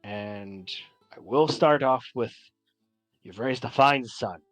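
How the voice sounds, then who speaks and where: A man's voice: mid-range voice, slow, dry recording, soft background music, pitched below the performer's own voice, close to an everyday voice. A man voicing a tired middle-aged uncle who speaks wearily and earnestly. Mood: weary. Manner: weary and earnest.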